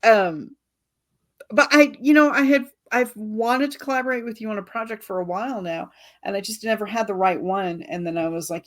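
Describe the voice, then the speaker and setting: A woman's voice: medium pitch, normal speed. A woman author as a guest, telling stories animatedly, acting out quotes and laughing often. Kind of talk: casual interview chat.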